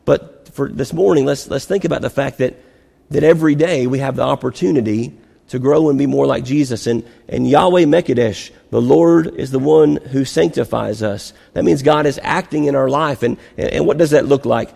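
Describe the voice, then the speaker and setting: A man's voice: mid-range voice, normal speed, creaky, dark tone, breathy edge. A man preaching a sermon as a pastor, telling a personal story in a conversational way and restarting often. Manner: conversational, repeats words while restarting. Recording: long hall reverb.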